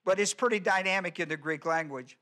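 A man preaching a teaching sermon, his voice bright and ringing and set a little higher than most men's. He presses each point by repeating it and keeps asking the congregation questions. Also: fairly quick. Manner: emphatic teaching, repeats key words, asks the congregation questions. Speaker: pastor. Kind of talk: expository sermon.

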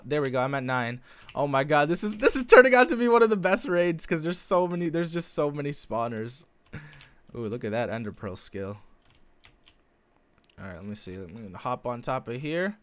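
Excitable young man narrating gameplay. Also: a little high, normal speed, clear, resonant tone. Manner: excitable, swings between calm narration and shouting. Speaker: gaming video host. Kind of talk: live gameplay commentary.

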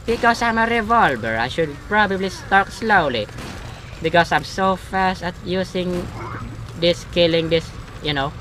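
A man voicing a smug talking revolver that speaks slowly and deliberately. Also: high voice, lively intonation, sharp tone, a little hiss or hum, exaggerated voice. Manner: drawn-out, deliberate.

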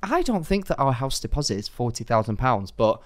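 A young man co-hosting a podcast, telling stories in a casual, animated way, swearing and acting out what others said. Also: mid-range voice, a little fast, no echo, studio quality. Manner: animated storytelling, swearing, acts out quoted speech. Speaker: podcast co-host. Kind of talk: casual chat. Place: podcast studio.

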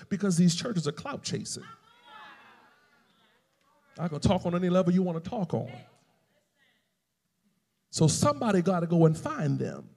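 Gravelly pastor preaching in a reverberant hall. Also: male voice, sits high, sing-song, moderate pace, long pauses. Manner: emphatic preaching with swings between loud and soft. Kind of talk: sermon.

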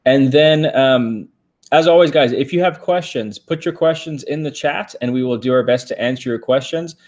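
This is a man co-hosting a weekly live stream, chatting with viewers in a relaxed way. His talk is loose and friendly, with frequent ums and likes as he thinks aloud. He speaks at a medium pitch. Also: normal speed. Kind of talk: casual live-stream chat.

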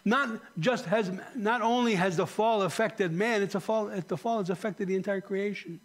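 A male pastor preaching with passion, his high voice climbing on pointed questions before falling to a near-hush. The delivery is a fervent sermon, by turns urgent and sorrowful. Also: moderate pace, few pauses. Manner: impassioned preaching, rising to emphatic high questions then dropping soft.

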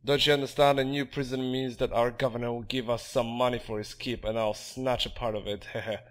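A man's voice: mid-range voice, level tone, a little fast, lightly acted. A man voicing a greedy prison jailer who sneers and chuckles, reading game dialogue aloud. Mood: sneering.

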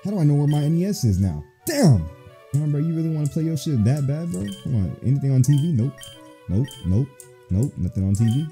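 A man's voice: fairly high pitch, very animated, brisk, dark tone, faint music behind. A man playing a horror game on video, reacting with crude, profane jokes. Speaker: gaming video host. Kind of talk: let's play commentary.

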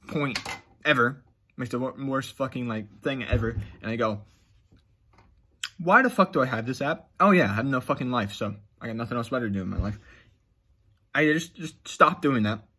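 A man's voice: mid-range voice, pushed and bright, breathy edge. A man vlogging a casual rant, blunt and exasperated, swearing constantly. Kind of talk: casual profane rant to camera.

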